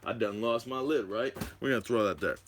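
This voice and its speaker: A man hosting a live stream at home, rambling excitedly and talking to his viewers about drones. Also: medium pitch, a little fast, slight background noise. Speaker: drone channel host.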